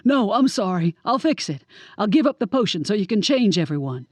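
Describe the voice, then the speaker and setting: A woman's voice: medium pitch, very animated, fairly quick, dry recording. A cowardly male villain from an audiobook, voiced by a woman narrator. He pleads and whines in a slightly raised voice. The sound is close and dry, with no room around it. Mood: pleading. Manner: whiny, pleading when cornered.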